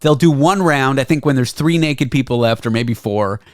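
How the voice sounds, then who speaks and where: A man hosting a podcast in casual comedic chat, joking and animated as he tells stories. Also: mid-range voice, moderate pace, no room sound, studio quality. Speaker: podcast host.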